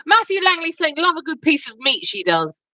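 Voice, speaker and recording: A woman's voice: high voice, big pitch swings, a little fast, sharp tone, poor audio. A woman co-hosting a home livestream, chatting cheekily with her co-host and reading out viewer comments. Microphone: home livestream setup.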